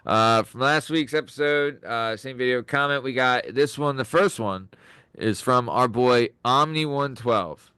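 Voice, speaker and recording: A man hosting a podcast in casual, joking banter, excitable and freely profane. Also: medium pitch, a little slow, clean tone, dry recording. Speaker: podcast host.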